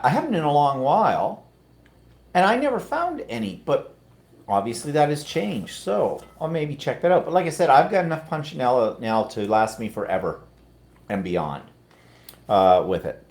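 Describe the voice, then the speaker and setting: A man's voice: a little high, big pitch swings, normal speed, darkish tone. A middle-aged Canadian man with a Canadian accent, chatting casually on a live stream and reading out viewer comments.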